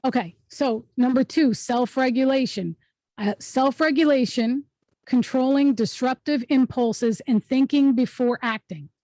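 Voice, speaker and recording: A woman's voice: high-pitched, unhurried, dark tone, dry recording. A woman hosting an online workshop over a video call, teaching in an emphatic, instructive way and often checking in with the group. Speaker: host and speaking coach.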